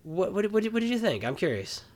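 A man's voice: sits high, very animated, brisk, darkish tone. A man co-hosting a podcast in casual chat, easygoing, reading plugs and dropping dry jokes. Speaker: podcast co-host.

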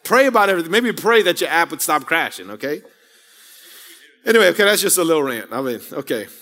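A man in his thirties preaches in a chatty, rambling way, tossing out asides and questions to the room. His voice sits a bit high for a man. A long church reverb trails every phrase. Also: very animated, fairly quick, a bit bright. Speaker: pastor. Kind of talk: sermon. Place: church sanctuary.

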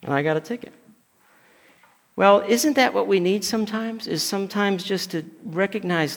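High, gravelly-voiced pastor in a reverberant hall. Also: male voice, normal speed, a bit bright. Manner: storytelling, frequent stumbles and repeated words. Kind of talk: conversational sermon. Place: church sanctuary.

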